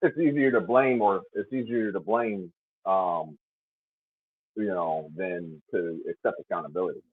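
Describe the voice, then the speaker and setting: A man joining a panel talk, speaking haltingly with many fillers. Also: sits low, husky, narrow, tinny audio. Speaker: panel guest.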